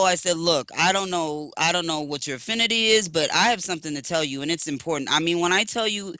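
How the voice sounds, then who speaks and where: A man co-hosting a spiritual talk show, telling a story in an expressive, preacher-like way and speaking to listeners as family. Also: on the high side, no echo. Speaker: co-host, spiritual practitioner.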